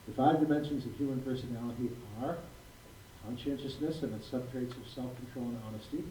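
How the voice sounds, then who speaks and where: A man's voice: medium pitch, warm tone. A man in his sixties, a physician giving a prepared talk to a live audience, speaking emphatically and repeating key phrases for weight. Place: school hall. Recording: roomy, distant mic with faint noise.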